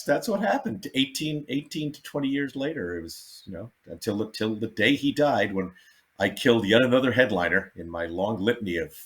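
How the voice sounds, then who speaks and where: A man, a comedian guest, telling backstage stories in a casual, animated way and acting out the people he quotes. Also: mid-range voice, normal speed. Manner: animated, acts out quotes, laughs often. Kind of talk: casual storytelling.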